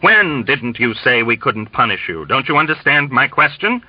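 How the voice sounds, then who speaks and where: A man's voice: mid-range voice, very animated, normal speed, slightly rough, no echo, pitched above the performer's own voice. A man voicing a bloated, bellowing army colonel who bullies and sneers, in a dull, dry recording. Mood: badgering. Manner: roaring, blustering and sarcastic.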